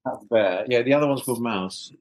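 A man's voice: mid-range voice, a little fast, low-quality recording. An older actor from South London chatting in an interview over a video call, hesitant and repeating his words, often chuckling. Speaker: actor guest. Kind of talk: casual interview chat.

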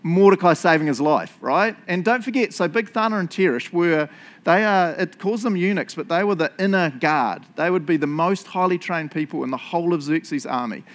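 A man preaching a sermon in a jokey, animated way, laughing often and checking in with his listeners. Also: on the high side, normal speed.

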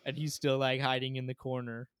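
Guy cohosting a casual chat, smooth clear voice, dry close sound, retells stuff all animated with lots of "like". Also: medium pitch, fairly quick, dry recording. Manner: animated storytelling, frequent "like" fillers.

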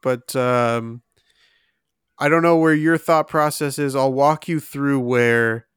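A young man runs a casual trivia game, taking his time and reasoning out loud between laughs. His voice is smooth and resonant, recorded close and dry with no room sound. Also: medium pitch, fairly even intonation, slow pace, dry recording. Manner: reads questions aloud, thinks out loud with laughs. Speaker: co-host of a trivia contest.

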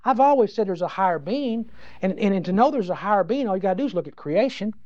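A man's voice: sits high, expressive, fast talker, dark tone. A man voicing a plain, self-assured neighbor who earnestly and defensively pleads his case, in a dry lo-fi recording. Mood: pleading.

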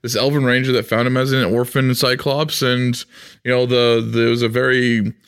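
A man's voice: medium pitch, flat delivery, fairly bright tone, clean tone. A man chatting casually on a podcast about running tabletop games, rambling with many fillers and often laughing. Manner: rambling, laughs often, slips into quick character voices. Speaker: podcast co-host. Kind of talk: casual chat about tabletop game mastering.

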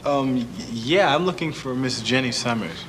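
A man's voice: mid-range voice, normal speed, natural voice. An actor playing a brash, street-smart male cop who talks casually and bluntly and swears when something surprises him. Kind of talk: film scene acting. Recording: film audio with background noise.

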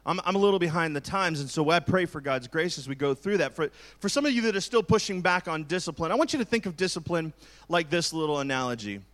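Male pastor in his forties, fairly high voice, preaches candidly with jokes and asides. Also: animated, quick pace, fairly bright tone. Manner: candid, joking, conversational preaching. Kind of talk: sermon.

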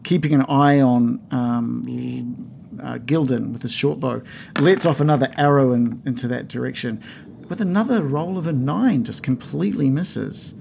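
A man's voice: mid-range voice, normal speed, gravelly, darkish tone, a little hiss or hum. A man running a tabletop game as game master, narrating with frequent uhs and ums. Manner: hesitant, lots of uh and um.

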